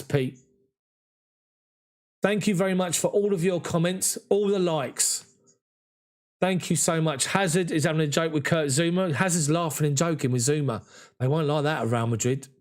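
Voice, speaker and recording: A man giving emotional, excited live fan commentary on a match. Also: on the high side, normal speed.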